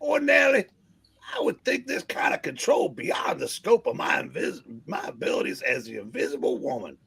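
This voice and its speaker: A man voicing a female superhero as a loud, drawling southern belle in a comic book read-aloud, with a raspy voice. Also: a little high, wildly swooping pitch, a little fast, pitched above the performer's own voice, exaggerated voice. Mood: brassy. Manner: shouty, drawling, exaggerated.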